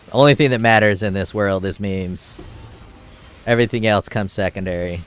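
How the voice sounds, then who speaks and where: A slightly low-voiced man streaming a video game, chatting casually and swearing often. He gets excited over loot and reads the on-screen text aloud as he plays. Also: moderate pace, clean tone, soft background music. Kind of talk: casual gameplay commentary.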